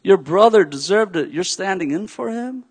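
Preaching man, soft then booming. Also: expressive, normal speed, slightly rough. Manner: swings from hushed to loud and emphatic. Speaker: pastor. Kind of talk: sermon. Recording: long hall reverb.

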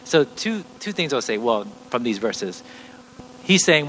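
A middle-aged man preaches a teaching sermon in an earnest, step-by-step voice, often circling back and restarting sentences. His ordinary male pitch is sing-song and fairly bright at a measured pace. The audio is poor, with a faint hum in the background.

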